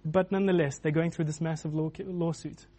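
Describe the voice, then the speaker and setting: A man's voice: a little high, fairly even intonation, a little fast, mellow. A man preaching a sermon in a loose, conversational way, with many restarts and filler words.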